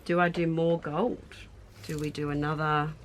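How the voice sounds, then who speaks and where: A woman's voice: low-pitched, level tone, moderate pace, slight background noise. A middle-aged Australian woman chatting casually to viewers, thinking aloud and amusing herself as she decorates a scrapbook tag at home. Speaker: craft YouTuber. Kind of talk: casual crafting narration.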